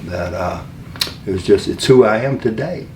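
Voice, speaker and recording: A man's voice: fairly low pitch, normal speed, darkish tone. An older man, a guest in an interview, telling rambling, folksy stories about his career and often starting his sentences over. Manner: rambling, folksy, with many restarts. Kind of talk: storytelling interview. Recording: distant, echoey room with faint hum.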